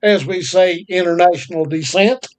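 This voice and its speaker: A North Carolina man with a high-pitched voice co-hosts a casual podcast chat at normal speed. He's a folksy, drawling storyteller who leans on country sayings.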